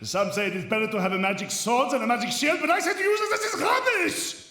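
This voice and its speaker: An actor playing a boastful, shield-obsessed knight with a German accent in a video game, booming and theatrical. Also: male voice, quick pace, background noise. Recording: roomy echo, distant from mic.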